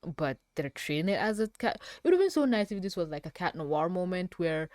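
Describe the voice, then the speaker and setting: A woman reacting to a cartoon episode as a reviewer, swearing and ranting between fits of laughter. Her pitch leaps up and down all the time. The sound is dry and close, with no room echo. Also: lively intonation, fairly quick, a little mellow. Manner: profane, laughing often, rants. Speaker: animated series reviewer.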